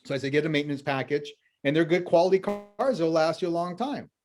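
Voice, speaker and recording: A man, a financial planner interviewed as a guest, telling lively anecdotes full of quoted dialogue. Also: on the high side, quick pace, faint music behind. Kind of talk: storytelling in a conversational interview.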